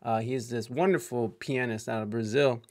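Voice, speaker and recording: A man from Ohio hosts a loose, friendly interview and talks quickly. He rambles, fills his pauses with "uh" and "um", and circles back to restart his sentences. His voice is at an average pitch for a man. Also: steady tone, a little mellow. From Ohio, United States. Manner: fast, chatty, rambling with many fillers. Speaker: podcast host. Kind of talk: casual interview on a live stream.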